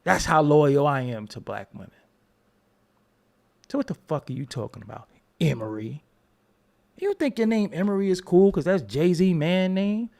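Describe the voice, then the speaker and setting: A middle-aged Brooklyn, New York livestreamer responds to chat in a heated rant, his voice a little high, a little mellow and creaky. He moves at a moderate pace with long pauses, mocking and cursing confrontationally and laughing between jabs.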